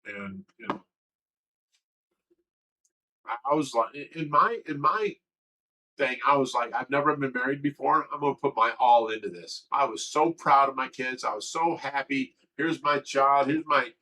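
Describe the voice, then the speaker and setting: Bright-voiced man telling a raw story. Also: medium pitch, a little hiss or hum, poor audio. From Ohio. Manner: rambling, emotional, swears often. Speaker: livestream host. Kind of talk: candid livestream chat.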